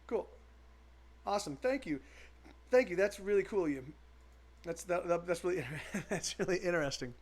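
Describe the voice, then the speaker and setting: A man's voice: high-pitched, lively intonation, moderate pace, long pauses. A man, a musician, chatting casually with viewers during a live stream, rambling with many restarts and the odd swear word.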